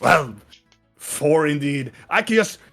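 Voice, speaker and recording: A man voicing a huge, boisterous male innkeeper who laughs and shouts jovially. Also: a little high, expressive, slow pace, creaky, faint music behind, heavily acted.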